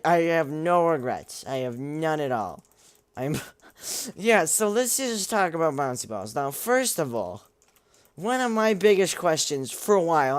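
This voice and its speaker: A young man in a goofy, rambling gaming-vlog voice, pitched a bit high for a man. He keeps restarting his sentences and mocking himself. Keyboard typing can be heard behind him. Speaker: gaming vlogger. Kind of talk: rambling casual gameplay commentary.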